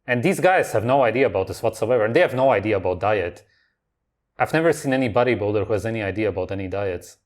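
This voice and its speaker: A man with a lowish voice delivers blunt, contrarian commentary as a reaction host. His tone is flat-out dismissive as he picks apart what he hears. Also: quick pace. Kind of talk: commentary over clips.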